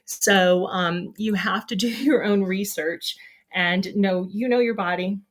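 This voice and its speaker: A woman hosts her own livestream show in casual, rambling chat. She sounds upbeat and encouraging, and her voice sits at a middle pitch. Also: takes it slowly.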